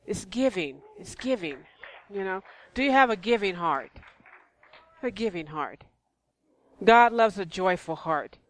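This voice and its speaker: A woman's voice: mid-range voice, lively intonation, measured pace, pauses often. A woman preaching in church, conversational and repetitive, with rhetorical questions. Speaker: church speaker. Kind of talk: sermon.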